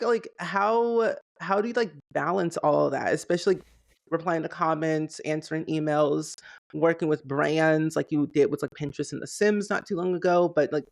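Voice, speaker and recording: A man's voice: on the high side, creaky. A man hosting a casual interview, enthusiastic and peppering his questions with "like". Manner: enthusiastic, heavy use of "like". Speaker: podcast host.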